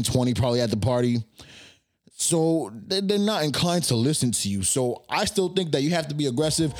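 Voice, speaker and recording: A man in his twenties hosting a podcast, telling a party story in a casual, animated way and acting out his own lines. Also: medium pitch. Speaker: podcast host.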